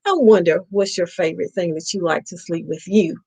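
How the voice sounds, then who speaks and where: A woman's voice: fairly low pitch, fairly quick, creaky, warm tone, slightly rough, rough recording. A woman host reading a picture book aloud to children on a live stream, playfully stopping to ask them questions.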